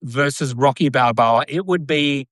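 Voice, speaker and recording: Brief: male host, bright tone, dry close sound, loose chatty rambling. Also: medium pitch, unhurried, no echo. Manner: rambling, lots of fillers and repeated yeahs. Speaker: podcast host. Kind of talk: casual chat on a live video.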